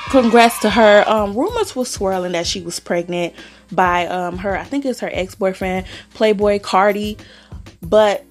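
A woman hosting her own podcast, sassy and chatty about celebrity gossip, calling listeners honey and girl. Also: medium pitch. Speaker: podcast host. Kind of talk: casual celebrity gossip chat.

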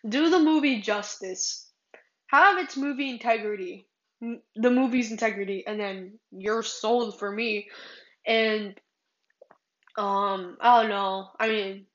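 Woman podcaster, slow rambling chat, lots of fillers, slightly muffled lo-fi sound. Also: medium pitch, fairly bright tone, echoey room. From California. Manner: rambling, many fillers and restarts. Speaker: podcast host. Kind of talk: casual solo podcast monologue.

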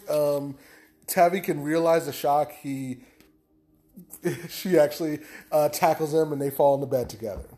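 Host recapping a book casually: a man, slightly high voice, rambling and hesitant. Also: darkish tone. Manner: rambling, hesitant, lots of fillers.

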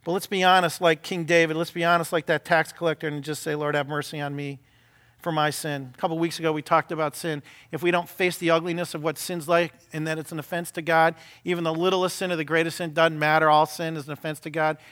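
A middle-aged man, a senior pastor, preaching a sermon in a conversational, animated way with frequent rhetorical questions. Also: a little high, fast talker, hardly any pauses.

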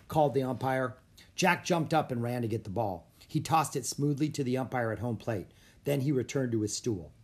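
An audiobook narrator reading a children's chapter book aloud, breaking into sudden loud, high shouts for the characters. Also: breathy edge. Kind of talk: storybook read-aloud.

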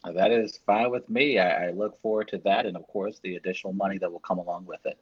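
A man's voice: sits low, fairly even intonation, fast talker, husky, highs cut off. A man co-hosting a radio show from another city, teasing and laughing easily. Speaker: radio co-host calling in remotely. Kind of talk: casual radio banter.

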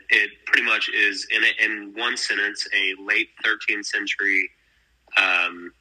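A man's voice: lowish voice, bright, forceful tone, husky, rough recording. A young man from Texas hosting a podcast, recapping at length with lots of fillers. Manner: rambling, filler-heavy recaps. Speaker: podcast host. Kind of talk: casual chat.

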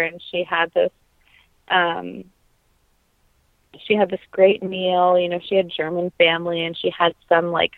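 A woman in her thirties speaks earnestly and reflectively, often pausing with ums. Her voice has a gravelly edge. The sound is dry and tinny, like a phone line. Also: lowish voice, dry recording. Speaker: podcast guest, opera singer. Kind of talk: conversational interview.

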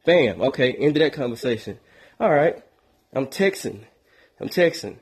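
Sick, husky-voiced man vlogging. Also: medium pitch, expressive, normal speed. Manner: laid-back, acts out calls. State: sick with sinus infection. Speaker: vlogger, music producer. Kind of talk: casual storytelling vlog.

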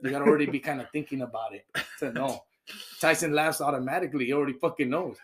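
A man's voice: medium pitch, fairly even intonation, fast talker. A young man in casual, profane chat, praising his friends with slang and frequent laughs. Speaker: team member talking about teammates.

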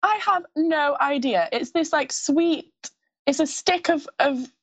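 A woman's voice: high voice, slow pace, dry recording. A young woman with a mild Scottish accent, a pageant guest chatting in an interview in a bubbly, gushing way and laughing often. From Scottish roots, moved to the UK at sixteen. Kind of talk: casual interview chat. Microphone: video call.

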